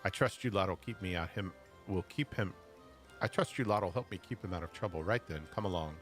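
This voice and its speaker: A man putting on a stern middle-aged mother who speaks bluntly in an attempted Irish accent. The lines come out brisk and scolding, over soft game music. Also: deep voice, lightly acted.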